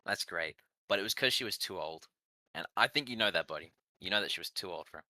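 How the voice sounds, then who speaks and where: A man's voice: sits low, expressive, quick pace, pushed and bright, dry recording. A man teasing and joking in casual group chat.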